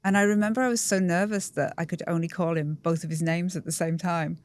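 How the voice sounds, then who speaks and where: A middle-aged woman with a low voice speaks candidly and with self-deprecating humour in a podcast chat. She is recorded close to a studio mic in a dry, dead room. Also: steady tone, fast talker, a little mellow, no room sound. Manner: chatty, self-deprecating, emotional. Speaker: guest.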